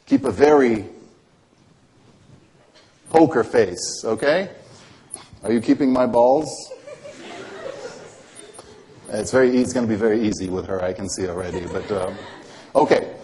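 A man's voice: on the low side, measured pace, long pauses, warm tone, a little hiss or hum. A man performing close-up magic for a volunteer, with teasing, playful patter and constant coaxing questions. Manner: coaxing, asks many questions.

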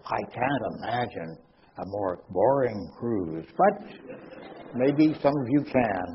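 An older man giving a humorous, skeptical talk to an audience into a microphone. He speaks in a wry, sardonic way, and his pitch leaps up suddenly to make a point. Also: expressive, takes it slowly, a little hiss or hum. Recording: dull lo-fi recording.

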